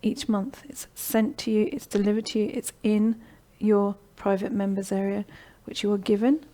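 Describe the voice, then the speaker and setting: A middle-aged woman runs a live-streamed sales pitch and Q&A for her online course, guiding viewers through the program. She speaks at medium pitch and normal speed in a mellow, warm, encouraging voice, checking in often with "okay?"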